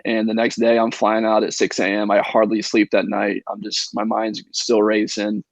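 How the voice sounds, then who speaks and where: A young man from Indiana, a guest on a podcast, telling a long story in a relaxed, rambling way full of ums. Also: on the low side, moderate pace, creaky, dry recording, poor audio. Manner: relaxed, filler-heavy storytelling with many ums. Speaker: guest, professional baseball pitcher.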